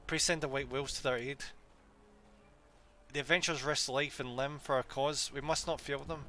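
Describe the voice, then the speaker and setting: Stern lady admiral barking fleet orders , some guy reading her lines, bright tone. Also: medium pitch, fairly even intonation, normal speed, a little hiss or hum, lightly acted. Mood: commanding. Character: stern female pirate admiral commanding a fleet.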